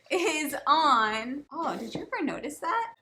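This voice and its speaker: A woman with a noticeable lisp co-hosts a board game review in relaxed, bickering banter. Her voice sits high and sounds bright and lively. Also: takes it slowly, a little hiss or hum. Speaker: co-host of a board game channel. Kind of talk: casual review chat.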